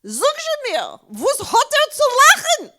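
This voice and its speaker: A woman's voice: high voice, very animated, measured pace, pushed and bright, heavily acted. A woman playing an old Yiddish-speaking father who pleads in a mix of Yiddish and English, growing exasperated.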